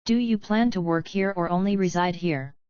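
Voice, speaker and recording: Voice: mid-range voice, moderate pace, a little mellow, smooth, no echo, lo-fi sound, lightly acted. A woman voicing a polite, methodical female unicorn scholar who asks formal questions.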